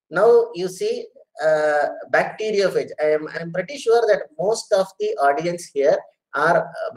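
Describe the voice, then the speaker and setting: A man's voice: on the high side, poor audio. A middle-aged man giving an earnest online lecture, repeating his phrases and addressing listeners as sir and madam. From India. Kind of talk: online lecture with audience questions.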